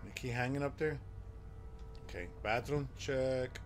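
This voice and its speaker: A man giving live commentary while playing a horror game, excitable and exclaiming and swearing at the scares. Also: medium pitch, normal speed, faint music behind. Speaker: game streamer.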